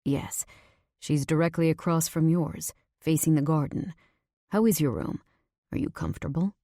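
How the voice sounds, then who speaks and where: A woman voicing a protective young mafia man who speaks in a low, firm, insistent way. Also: moderate pace, warm tone, no echo, clean studio sound. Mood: calm.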